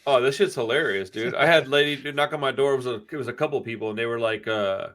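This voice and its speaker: A man's voice: medium pitch, fast, a bit bright. A man in casual podcast chat, rambling and swearing freely as he tells stories. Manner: profane, rambling storyteller.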